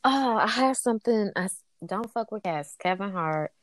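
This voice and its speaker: A woman's voice: mid-range voice, animated, normal speed, no room sound. A woman in casual chat, laid-back and blunt, who laughs often and swears freely.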